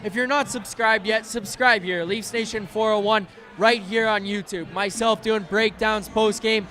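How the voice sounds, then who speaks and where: A man's voice: high voice, steady tone, moderate pace, pushed and bright. A man hosting a live hockey post-game show from a bar, talking casually with fillers and restarts. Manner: casual, chatty, filler-heavy. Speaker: host.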